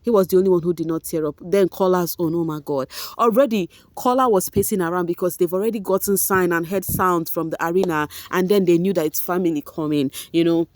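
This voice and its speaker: A woman with a Nigerian accent in a casual vlog, giving an emotional, animated recap of a reality show and slipping into Pidgin now and then. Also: on the low side, fairly quick, few pauses, no room sound.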